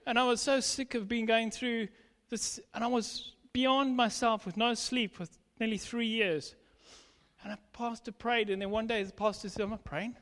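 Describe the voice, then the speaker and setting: A man with a strikingly high-pitched voice preaches a sermon in a church. He tells his story emphatically, slipping into lively acted dialogue. A long reverb from the hall trails each phrase. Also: normal speed. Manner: emphatic testimony, acting out quoted dialogue.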